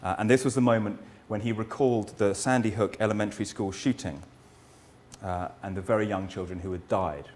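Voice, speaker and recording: Low-pitched and a little mellow, this middle-aged historian delivers a lecture. He's earnest and reflective, raising rhetorical questions while often hesitating and restarting what he says.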